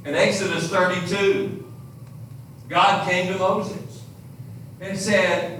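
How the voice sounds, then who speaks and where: A man's voice: high-pitched, slow, a bit bright, slight background noise. A man preaching a sermon, retelling scripture stories with dramatic emphasis. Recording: very echoey room, distant mic.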